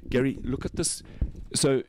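A man's voice: medium pitch, unhurried, a little mellow, slight background noise. Gushing man showing a car. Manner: enthusiastic, joking, gushing over details. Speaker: motorsport show host. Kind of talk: casual walkaround chat.

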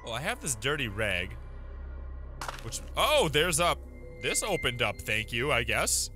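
A young man giving animated, jumpy commentary while playing a horror game, often exclaiming and laughing. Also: mid-range voice, a little slow. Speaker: let's play gamer. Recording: music loud behind voice. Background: game music.

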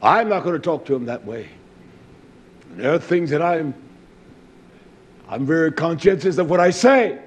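A male preacher giving a sermon with Hebrew terms, swinging from low murmurs to loud declaiming. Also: lively intonation, moderate pace, long pauses, husky.

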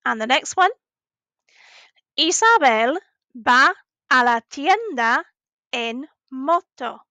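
A woman teaching a recorded language lesson to children, patiently asking questions and pausing for answers. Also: high-pitched, bright, forceful tone, no room sound. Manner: slow, patient, asks questions and pauses for answers.

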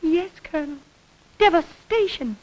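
A woman's voice: very high voice, animated, measured pace, a little mellow. An actress voicing a prim, precise female alien secretary in a 1960s cartoon, speaking in formal, exact phrases. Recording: dull old cartoon soundtrack with faint hiss.

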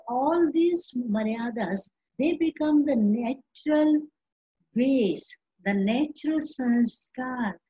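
A woman giving a spiritual class, telling stories slowly and gently with quoted dialogue. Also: high-pitched, breathy edge. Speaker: spiritual teacher. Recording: dull lo-fi recording.

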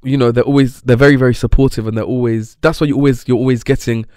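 Chill young dude chatting, mid voice, dry close sound. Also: male voice, mid-range voice, fairly even intonation, quick pace, warm tone, clear, resonant tone, dry recording. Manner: easygoing, agreeing, rambling. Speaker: podcast co-host. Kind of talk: casual chat.

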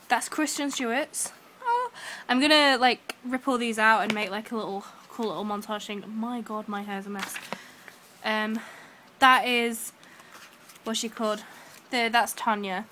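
A young woman, gushing excitedly to camera in a casual vlog, full of fillers. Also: on the high side, noisy background. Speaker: vlogger.

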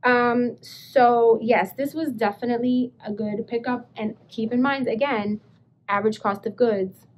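Chatty high-voiced woman vlogger. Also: measured pace, a little hiss or hum. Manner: chatty, animated storytelling with excited bursts. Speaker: thrift reseller vlogger. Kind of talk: casual vlog, showing thrift finds.

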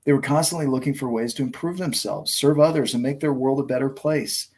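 A man voicing a huge, kind old male giant who speaks slowly and gently. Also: medium pitch, slightly rough. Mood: gentle, wise.

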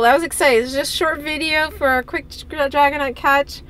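Very high-voiced, excitable woman vlogger. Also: moderate pace. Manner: excitable, gushing, laughs often. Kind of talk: casual excited vlog chat.

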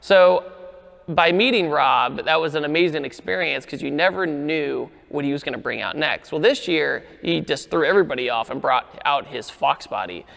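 A man telling a car story in a casual, animated way, acting out the quoted lines. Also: moderate pace, vocal fry, long reverb tail. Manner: animated, acts out quoted lines with rising pitch.

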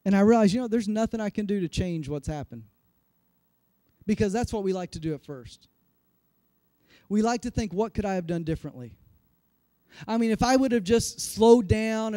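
In a sermon, a forty-something pastor with a notably high voice for a man shares an episode from his own life, telling it with animation and making fun of himself. The audio is close and dry, nearly free of room echo.

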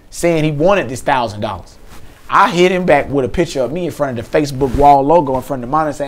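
A man's voice: fairly high pitch, expressive, fast talker, slight background noise. A man hosting a podcast, telling a comic story and acting out both sides of a phone call. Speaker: podcast host. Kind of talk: comedic storytelling.

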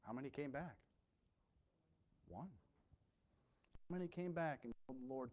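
A male pastor preaching a sermon with impassioned swings from quiet storytelling to loud emphasis. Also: medium pitch, unhurried, pauses often.

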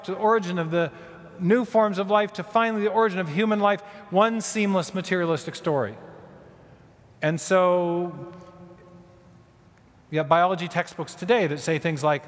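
A man giving a conference lecture in a large church hall, telling history as a story with asides and quick self-corrections. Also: high voice. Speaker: conference speaker. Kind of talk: public lecture. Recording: long reverb of a large hall.

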